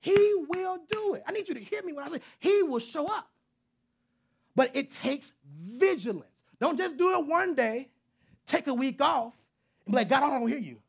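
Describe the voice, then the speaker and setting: A man's voice: very high voice, animated, moderate pace, creaky. A man preaching a sermon, earnest and conversational, with repetitions that build to emphatic peaks. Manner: earnest, repeating himself, rising to emphatic peaks.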